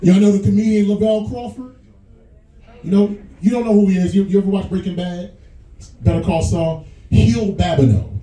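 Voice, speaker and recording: A man with a New York accent doing a stand-up set, loose and crude, often jumping into high put-on voices. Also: moderate pace, mellow, echoey room, distant mic, poor audio. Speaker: stand-up comedian headlining a bar. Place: small bar comedy stage.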